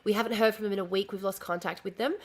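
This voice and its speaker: A woman's voice: medium pitch, fairly even intonation, racing. A woman live-streaming casually from home, talking in a chatty, easily distracted way, swearing and restarting her sentences.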